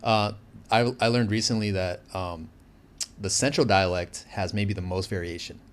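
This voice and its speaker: A man from the United States speaks as an interview guest in a fairly low voice. He talks in an animated, chatty way, often padding his sentences with fillers. The tone is casual and conversational. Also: normal speed, clean tone.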